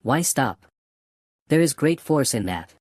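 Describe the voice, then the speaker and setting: A man voicing croaking Jacques Three. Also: medium pitch, sing-song, slow pace, dry recording, studio quality. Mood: sly. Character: Jacques Three, croaking restless revolutionary juror.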